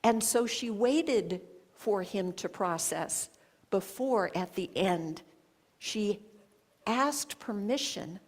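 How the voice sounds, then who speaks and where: A woman speaks to a congregation, telling a personal story. Her voice sits at an ordinary middle pitch, and she talks slowly, pausing between phrases as she reflects. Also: expressive. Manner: slow, reflective storytelling with long pauses. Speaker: guest speaker. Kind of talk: spoken sermon with personal story. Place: church sanctuary.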